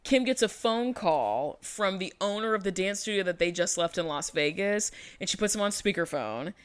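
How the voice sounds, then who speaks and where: A woman's voice: medium pitch, lively intonation, normal speed, smooth. A woman co-hosting a podcast, recapping a reality show in casual chat and quoting people in mocking voices. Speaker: podcast co-host.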